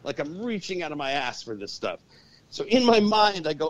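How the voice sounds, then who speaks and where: A man telling a story as a podcast guest, animated and swearing freely. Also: on the high side, normal speed, dry recording. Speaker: guest, urban shaman and exorcist. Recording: dull lo-fi podcast audio.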